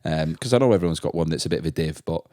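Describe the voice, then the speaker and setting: Man, podcast host, very low voice, casual chat. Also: racing, mellow. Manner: laughs often, loose questions with fillers.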